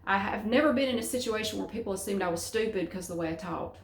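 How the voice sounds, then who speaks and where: A middle-aged woman with a Southern US accent talks casually to her vlog audience at home, in a voice of middling pitch. She rambles, speaks frankly and swears without a second thought. The room gives her voice a noticeably roomy echo. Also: fast. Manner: rambling, frank, salty language. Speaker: vlogger. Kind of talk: casual chat to camera.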